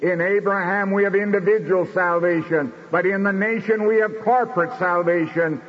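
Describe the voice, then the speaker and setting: A man preaching a sermon in a measured, declamatory way, slowing down for emphasis. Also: high-pitched, fairly even intonation. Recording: dull recording in a reverberant hall.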